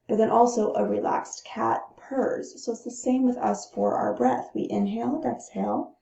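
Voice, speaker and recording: Woman, breathing instructor, calm, gravelly mellow voice, roomy dull recording. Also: fairly high pitch, moderate pace. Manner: calm, demonstrates breaths between phrases. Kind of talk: gentle instructional talk.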